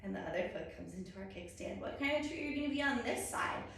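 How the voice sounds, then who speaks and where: A woman's voice: sits high, animated, fast talker, vocal fry, fairly bright tone. Sing-song young woman leading kids yoga. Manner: upbeat, encouraging, sing-song with sound effects. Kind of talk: children's yoga story time. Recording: echoey room, distant mic.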